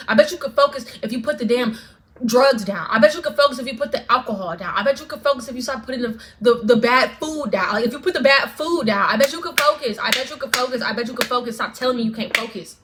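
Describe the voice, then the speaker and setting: A woman's voice: fairly high pitch, animated, fast, background noise. A woman vlogger ranting straight to camera, fervent and profane, repeating lines for emphasis. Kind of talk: direct-to-camera rant.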